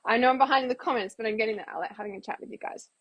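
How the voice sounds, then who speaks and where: A woman's voice: on the high side, racing, fairly bright tone, husky, muffled recording. A woman hosting a casual livestream Q&A as an intuitive healer, chatting loosely and acting out little quoted exchanges.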